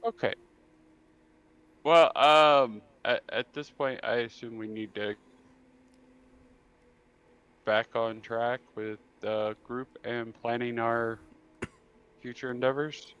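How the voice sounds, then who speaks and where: A man's voice: medium pitch, fairly even intonation, slow, a bit bright, clean tone, no echo, highs cut off. A man playing in a tabletop game, talking in an easygoing, plain-spoken way. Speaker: player. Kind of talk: casual tabletop play.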